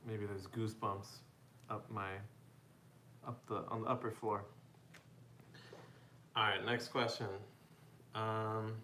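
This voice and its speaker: A man from the United States chatting casually as a live streamer, reading out viewer comments and answering them in a relaxed way, often laughing and calling people "bro" and "man". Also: on the low side, slow, pauses often, slight background noise. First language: bilingual with Spanish, parents from Mexico. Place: home room.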